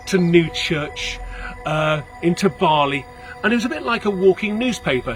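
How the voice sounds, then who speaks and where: A man, a local guide telling a story on location outdoors, theatrical, shifting between hushed and loud. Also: on the high side. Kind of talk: dramatic storytelling.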